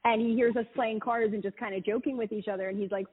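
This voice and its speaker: A woman's voice: mid-range voice, level tone, fast talker, few pauses, breathy edge. A woman guest, an actress, chatting casually and telling stories with lots of "like" fillers. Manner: chatty storytelling, many "like" fillers. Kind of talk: casual chat. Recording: phone-like audio.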